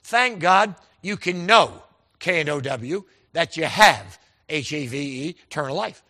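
Bright-voiced emphatic male preacher. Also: fairly high pitch, animated, measured pace. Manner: emphatic, spells out key words letter by letter; folksy storytelling with quoted dialogue. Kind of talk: sermon with personal stories.

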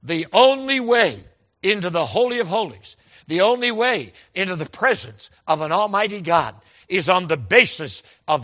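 A man's voice: sits high, sharp tone. A man preaching a sermon, telling folksy stories with quoted dialogue and stressing key words emphatically.

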